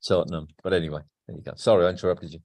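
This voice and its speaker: Low-voiced man. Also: fairly even intonation, very fast, a little mellow. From Wolverhampton, England. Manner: rambling, candid, repeats himself. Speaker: guest, band frontman. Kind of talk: casual podcast interview.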